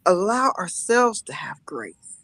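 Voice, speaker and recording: A woman guest on a live-streamed talk show, telling lively personal stories with frequent laughter and mock-scolding asides. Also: medium pitch, slow, no echo, rough recording. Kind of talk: emotional casual talk-show chat.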